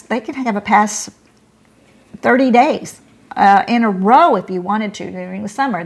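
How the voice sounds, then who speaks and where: An older woman co-hosting a casual chat, chatty and explaining things with fillers. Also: medium pitch. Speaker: co-host.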